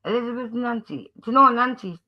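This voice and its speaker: A man's voice: extremely high pitch, quick pace, highs cut off. A man with a Geordie accent hosting a casual livestream chat, friendly and rambling, greeting viewers by name with frequent restarts. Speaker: livestream host.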